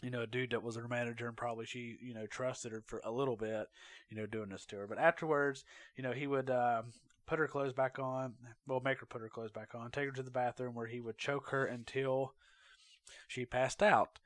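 A man recounting a true crime case in a casual, conversational way, with fillers, self-corrections and quiet personal asides. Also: medium pitch, steady tone, a little fast, no echo. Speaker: true crime podcast host.

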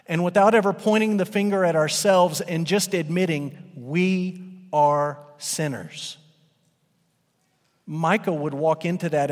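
A man preaching a sermon emphatically, his voice rising and then dropping low for effect. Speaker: pastor. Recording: long hall reverb.

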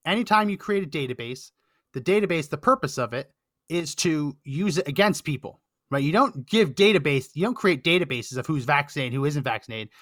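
A man's voice: a little high, expressive, fairly quick, a bit bright, no echo, studio quality. A man hosting a political podcast, reading out a long list of names with sarcastic asides that drop to a mutter.

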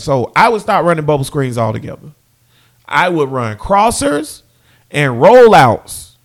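A man's voice: a little high, fairly bright tone. A young man giving casual fan commentary, repeating phrases and talking straight to his viewers.

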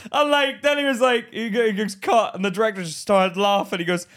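High-voiced and brisk, a podcast co-host chats casually and tells stories. He's animated, acts out the quotes and laughs often.

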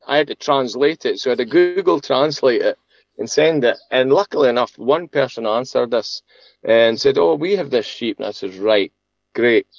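A sheep farmer being interviewed tells a long story in a medium-pitched voice on a dry recording with the highs cut off. He is chatty and halting, laughing often and restarting many times.

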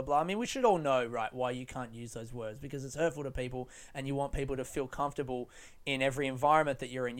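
A young adult man, a comedian, talking frankly in a casual monologue, swearing freely and rambling with restarts. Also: medium pitch. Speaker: stand-up comedian.

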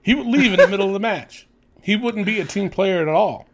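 A man's voice: high voice, lively intonation, fairly quick. A man co-hosting a podcast, rambling casually with many fillers and some swearing. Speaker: podcast co-host. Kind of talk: casual wrestling chat.

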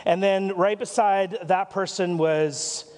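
A Canadian pastor preaches in a rambling, anecdotal way, breaking off into asides and light jokes. His voice sits fairly high for a man. The sermon is recorded with a long reverb trailing in a church hall. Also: steady tone, takes it slowly, a little mellow. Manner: rambling, self-interrupting storytelling with asides and jokes.

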